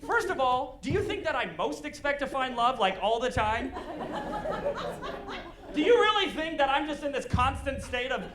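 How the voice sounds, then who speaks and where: A man doing a stand-up comedy set on stage, animated and breaking into shouted punchlines. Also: extremely high pitch, normal speed. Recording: live show with audience laughter. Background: crowd laughing.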